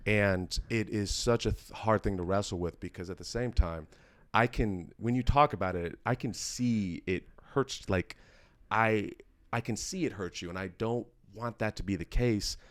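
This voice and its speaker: A man's voice: on the low side, dry recording. A man hosting a podcast in casual conversation, earnest and reflective, often restarting his sentences. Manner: earnest and halting, full of restarts; emotional and reflective. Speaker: podcast host.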